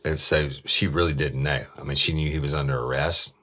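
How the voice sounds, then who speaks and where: Ex-detective man, rumbling low and raspy, spins a blunt story and acts out the talk. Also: a little fast. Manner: lively retelling that acts out the dialogue; casual, blunt. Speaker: former detective.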